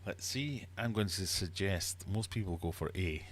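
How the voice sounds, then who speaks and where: A man's voice: deep voice, moderate pace, a little hiss or hum. A man hosting a live-streamed quiz from his fish room, reading questions and teasing the audience in a playful, mock-uppity way. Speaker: livestream host and quizmaster.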